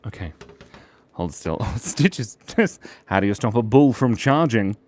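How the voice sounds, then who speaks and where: A man's voice: lowish voice, big pitch swings, unhurried, a little mellow, dry recording. A man hosting a casual live drawing stream, joking and chatting with viewers as he draws. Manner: playful, jokey, chatty with viewers. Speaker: livestream drawing host.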